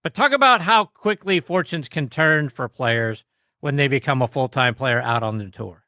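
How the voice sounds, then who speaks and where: A man's voice: medium pitch, expressive, moderate pace, sharp tone, dry recording, clean studio sound. A middle-aged man hosting a golf podcast, introducing his guest and setting up topics with upbeat, emphatic delivery. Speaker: podcast host.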